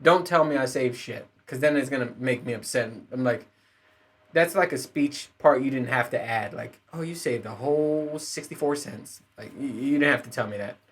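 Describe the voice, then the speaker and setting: A man's voice: medium pitch, normal speed, fairly bright tone, slightly rough. Male podcast host, mid-range voice, casual profane solo rant, rambling and laughing. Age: adult parent.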